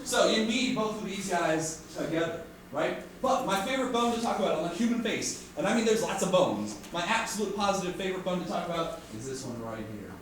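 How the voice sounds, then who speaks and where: Animated jokey man teaching in echoey classroom. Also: sits high, a little fast, few pauses. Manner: jokey, animated, keeps asking "right?". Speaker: art teacher. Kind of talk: classroom lecture. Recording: echoey room from far off with faint noise.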